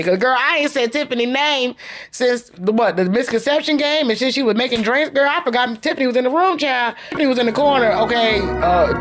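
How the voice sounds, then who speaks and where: Chatty slangy woman recapping TV. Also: fairly high pitch. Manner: chatty slangy retelling, acts out quotes. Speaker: reality TV recap host. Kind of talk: casual episode review.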